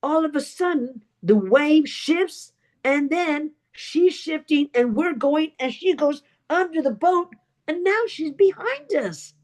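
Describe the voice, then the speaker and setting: Slow, dramatic high-voiced woman storyteller. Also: animated, darkish tone. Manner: vivid storyteller who acts out other people's lines; emphatic, with deliberate pauses and repetition. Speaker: speaker at a public speaking club session.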